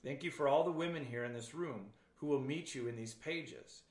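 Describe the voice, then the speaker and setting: A man's voice: medium pitch, normal speed, natural voice. A man reading aloud the lines of a frightened, doubting young woman prisoner in an echoey room. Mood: reluctant. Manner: read aloud in plain storytelling voice.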